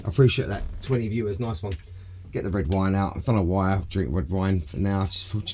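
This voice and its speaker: A man's voice: deep voice, fairly even intonation, a little fast, a little mellow, a little hiss or hum. A man hosting a casual live stream, rambling loosely from topic to topic and swearing freely. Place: home room.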